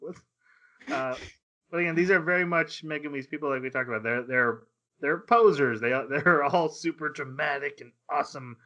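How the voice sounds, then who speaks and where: A man co-hosting a casual anime podcast, retelling scenes with quick voiced asides and laughter. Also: fairly high pitch, bright, forceful tone, highs cut off. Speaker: podcast co-host.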